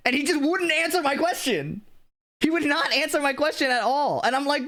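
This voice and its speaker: A man chatting casually on a live stream, animated and laughing, swearing freely as he talks. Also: extremely high pitch, brisk. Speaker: streamer and video maker.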